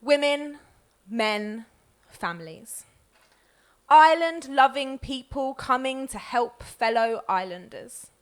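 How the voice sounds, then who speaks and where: At a live event, a woman who co-founded the group reads poems aloud. Her high-pitched delivery is measured and expressive.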